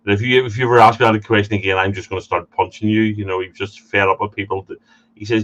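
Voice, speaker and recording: A man's voice: fairly low pitch, flat delivery, fast, a bit bright, lo-fi sound. A man from the United Kingdom hosting a casual interview, stammering and repeating words as he tells stories. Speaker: podcast host.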